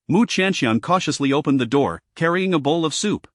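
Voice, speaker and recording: A man giving scripted audiobook narration of a romance story in an even, steady reading. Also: on the high side, fairly quick, dry recording, studio quality.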